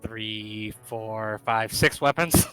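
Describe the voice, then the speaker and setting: A man playing a tabletop role-playing game, deadpan in his delivery. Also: lowish voice, drawn-out words, soft background music, low-quality recording. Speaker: player. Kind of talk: casual tabletop role-play.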